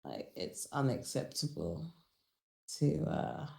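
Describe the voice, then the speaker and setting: A woman's voice: rumbling low, sing-song, takes it slowly, creaky, a little mellow, reverberant. A woman from England chatting casually on a stream, tired and a little tipsy, rambling and humming to herself. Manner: drowsy, tipsy, rambling with sing-song humming. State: tired and slightly drunk. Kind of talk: casual chat.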